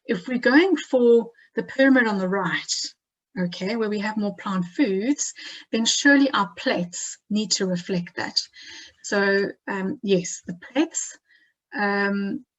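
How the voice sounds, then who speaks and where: A woman's voice: mid-range voice, slow, poor audio. A woman with a South African accent, a nutritional therapist giving a health talk over slides, hesitant, with many fillers and restarts.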